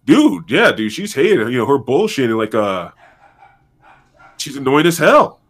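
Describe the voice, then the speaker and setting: A man's voice: mid-range voice, sing-song, unhurried. A man on a casual podcast, hesitant and full of fillers, seeing both sides. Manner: hesitant, many fillers, conciliatory.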